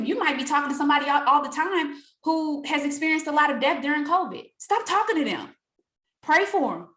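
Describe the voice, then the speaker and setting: Animated woman preaching to her team. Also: fairly high pitch, echoey room. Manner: animated, preachy, quotes others in lively voices, laughs often. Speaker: team leader speaking to her sales team. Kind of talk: casual motivational talk.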